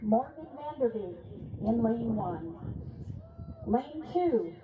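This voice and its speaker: Woman arena announcer, slow and deliberate, reading heats and rules; tinny, echoey PA sound. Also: fairly high pitch, very animated, a crowd in the background. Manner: measured, reads names and times deliberately, apologizes when she stumbles. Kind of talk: PA announcing results and rules at a rodeo event. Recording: echoey arena PA, phone-thin, noisy.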